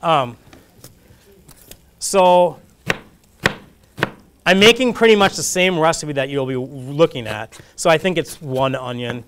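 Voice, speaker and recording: A man's voice: a little high, slow, long pauses, a bit bright, slight background noise. A man demonstrating a recipe in a casual, jokey cooking class, talking through each step as he cooks. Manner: chatty, jokey, self-deprecating, talks while cooking. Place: community kitchen classroom.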